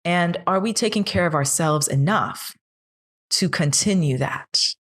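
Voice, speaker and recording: A woman in her thirties with a notably low voice, chatting on a podcast. She talks earnestly and keeps pressing questions, building steam as she goes. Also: a little slow, a bit bright. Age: 30s. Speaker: podcast co-host. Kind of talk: casual chat.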